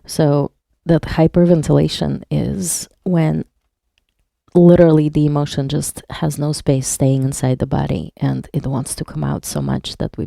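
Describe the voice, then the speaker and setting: A woman's voice: deep voice, creaky, mellow, no echo, studio quality. A woman hypnotherapist leading a live online workshop, reading viewers' chat aloud and explaining patiently, with some wordplay. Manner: plays on words while teaching.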